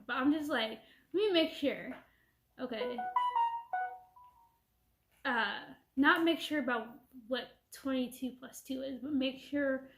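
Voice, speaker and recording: A young woman telling a casual storytime rant, animatedly retelling a back-and-forth conversation. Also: fairly high pitch. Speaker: vlogger. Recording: echoey room.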